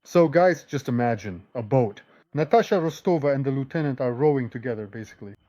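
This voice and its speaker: A man hosting a show and telling jokes in a lively, animated way. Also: mid-range voice, brisk, no echo, lo-fi sound. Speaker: host and joke teller. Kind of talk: casual joke telling.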